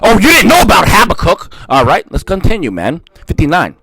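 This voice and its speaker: A man's voice: huge pitch swings, fairly quick, gravelly, breathy edge, no room sound. Fiery man reading scripture aloud. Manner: swings from low dramatic reading to shouted zeal; peppers speech with "man". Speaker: Bible reader and preacher.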